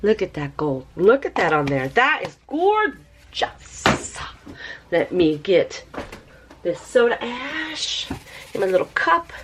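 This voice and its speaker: A woman with a lilt hosts a relaxed craft vlog, talking at an unhurried pace. She chats with viewers as if they were friends, and she bubbles up with excitement over her results. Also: noisy background. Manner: bubbly and excitable, squeals with high delight; chatty, talks to viewers as friends. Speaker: craft video host. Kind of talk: casual product review vlog.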